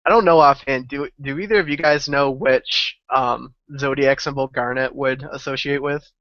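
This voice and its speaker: A man's voice: medium pitch, fairly even intonation, moderate pace, fairly bright tone, dry recording. A man playing in a tabletop game, easygoing and drawling, on a dry muffled recording. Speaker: player.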